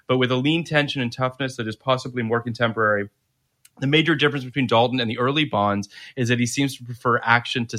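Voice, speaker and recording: A man's voice: medium pitch, sharp tone. A man co-hosting a podcast in casual chat, laughing often and swearing casually as he talks and reads a synopsis. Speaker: podcast co-host.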